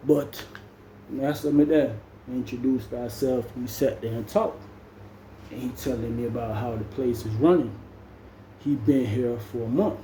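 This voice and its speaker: A man's voice: mid-range voice, fairly even intonation, normal speed, warm tone, roomy sound, a little hiss or hum, rough recording. A man with a Jamaican accent telling a story in casual slang, dropping "man" into nearly every sentence. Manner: slangy, peppers speech with "man". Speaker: storyteller vlogger.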